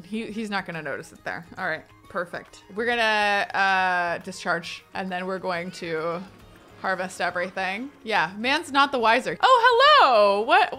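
A woman giving excitable, chatty let's-play commentary as she plays a life-simulation game, squealing over wins. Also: medium pitch. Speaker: gaming video creator.

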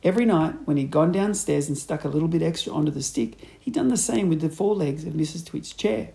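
A man reading a children's storybook aloud in an expressive, playful narrator's voice. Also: on the high side, brisk, creaky, low-quality recording.

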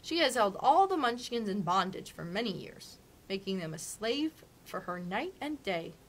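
A sweet little old woman who is a good witch, calm and measured in a storybook reading, as a woman puts her on. Her lines rise and fall with a gentle lilt. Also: medium pitch.

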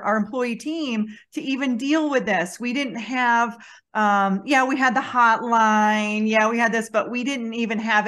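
A woman's voice: fairly high pitch, a bit bright. A woman hosting a podcast, talking in a reflective, conversational way with frequent restarts. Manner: reflective, many restarts and "you know". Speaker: podcast host. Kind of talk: conversational interview.

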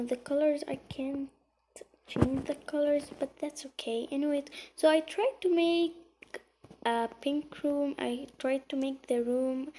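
A woman giving giggly, excitable casual gameplay commentary, often muttering softly to herself as she searches. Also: high-pitched, poor audio. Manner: excitable, gushing. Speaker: gaming channel host.

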